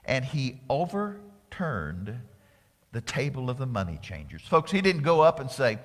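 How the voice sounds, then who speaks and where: Male pastor, dramatic sermon, lively rising and falling voice, long hall reverb. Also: mid-range voice, a little slow. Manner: dramatic, swings from loud exclamations to unvoiced whispers.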